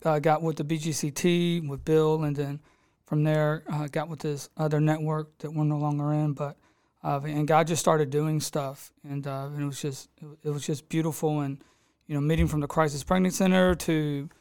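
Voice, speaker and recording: A man's voice: on the high side, level tone, normal speed, darkish tone, clean tone. A man, a pastor recounting how he came to plant his church, acting out the people he quotes. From Texas. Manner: storytelling, acts out quoted people, laughs easily. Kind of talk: telling his story in a casual interview.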